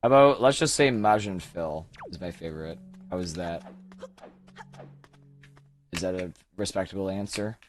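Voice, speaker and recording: A man with a very deep voice talks loosely over his own gameplay, half to himself and half to chat. He mutters, trails off and curses at the game, with game music playing under him. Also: moderate pace, pauses often. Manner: mumbling, trailing off, swearing at the game. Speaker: speedrunner streamer. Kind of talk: casual live-stream gameplay commentary.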